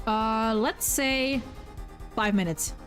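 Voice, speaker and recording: Young woman streamer, slightly high pitch, loose and profane, repeats words while thinking aloud; soft game music underneath. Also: slow pace. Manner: swears freely, stammers and repeats words. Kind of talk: casual gaming commentary while voicing game dialogue.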